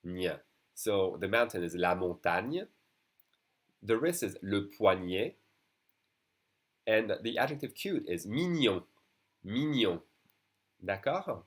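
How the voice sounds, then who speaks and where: A man with a low, deep voice teaches a beginners' French class. His first language is French. He sounds out each word slowly, repeats it for the learners, and drifts into relaxed asides between examples. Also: breathy edge. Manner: explains patiently, repeats words slowly for the class. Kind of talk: classroom lesson with board.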